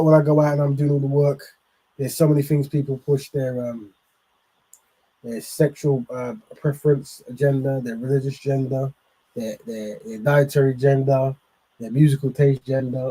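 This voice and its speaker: A man's voice: mid-range voice, slightly rough, rough recording. A man hosting, commenting on clips in a loose, rambling way with lots of fillers. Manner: loose, rambling, with many fillers and shout-outs. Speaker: host.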